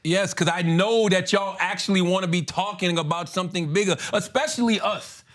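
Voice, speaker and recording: A man guesting on a podcast, telling stories with animated repetition in casual banter. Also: high voice, a little fast. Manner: animated storyteller, repeats phrases for comic effect.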